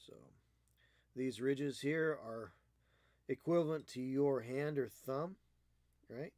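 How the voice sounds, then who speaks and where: A man's voice: mid-range voice, slow, a little mellow, no echo, clean studio sound. A man streaming his miniature painting, chatting casually and teasing his cat with playful baby-talk.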